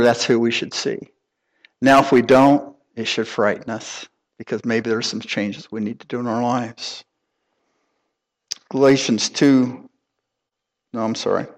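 Middle-aged guy preaching, folksy storytelling vibe, laughs at himself. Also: medium pitch. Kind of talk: conversational sermon.

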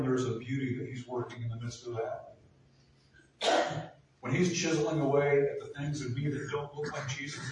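A man's voice: medium pitch, darkish tone, a little hiss or hum. A man preaching a sermon as pastor, earnest and building to emphatic peaks. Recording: echoey room from far off.

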